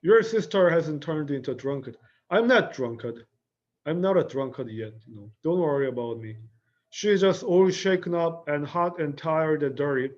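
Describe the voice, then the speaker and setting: A Korean-accented male teacher voicing a fragile, anxious Southern woman who drinks to steady her nerves, with a raised, breathy, pleading delivery. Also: fairly high pitch, moderate pace, muffled recording, lightly acted. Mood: nervous pleading.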